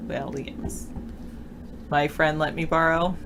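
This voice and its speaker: Co-hosting a live online show, this woman speaks slowly in a low, level voice while reading chat and answering viewers' questions casually. The background is noisy.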